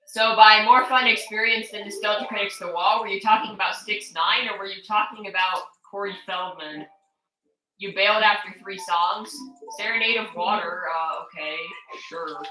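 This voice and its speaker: A woman chats casually while she streams a game, blunt and opinionated, quick to swear or laugh. Her voice is sharp and bright. The sound carries a roomy echo. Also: medium pitch. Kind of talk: casual gameplay chat.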